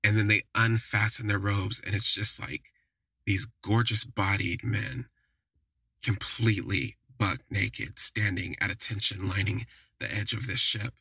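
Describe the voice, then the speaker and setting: A man's voice: lowish voice, a little slow, creaky, bright, forceful tone, slightly rough, no echo. A man hosting a podcast, telling a first-person story casually and wryly, with plenty of "like" fillers. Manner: chatty, lots of "like" fillers, wry. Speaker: podcast host.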